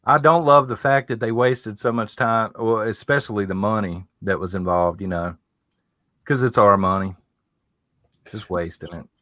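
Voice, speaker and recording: A man's voice: on the low side, fairly even intonation, moderate pace, fairly bright tone, no room sound, studio quality. A man co-hosting a casual stream chat, easygoing, passing on questions from the chat.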